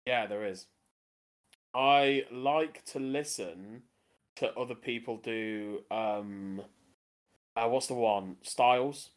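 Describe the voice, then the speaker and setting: A man who is a regular on an improv podcast, chatting hesitantly with fillers and then speeding up in quick bursts. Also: medium pitch. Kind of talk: casual chat.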